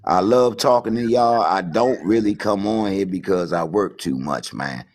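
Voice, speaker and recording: Low husky DC man preaching slowly. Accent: Washington, D.C. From Washington, D.C. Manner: preachy, repetitive, says "you understand" often. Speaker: caller. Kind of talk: rambling spiritual monologue.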